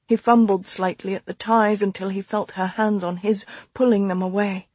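Woman, audiobook narration, dark mellow tone, close dry sound, hushed and whispery. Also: mid-range voice, level tone, normal speed, breathy edge, dry recording. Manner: hushed, often dropping into whispers. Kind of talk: scripted narration.

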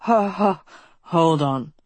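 Woman voicing brash young prince, snarling, stammering, slow, dry recording. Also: on the low side, animated, a little mellow, slightly rough, no echo, full character voice. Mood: flustered. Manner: snarling, stammering when flustered.

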